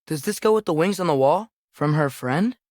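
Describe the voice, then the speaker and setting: A young actor playing an earnest, curious teenage boy in a video game, quietly talking to himself. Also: a little high, lively intonation, normal speed, no echo, studio quality, natural voice. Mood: musing. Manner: quiet, musing self-talk. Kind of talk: game voice lines.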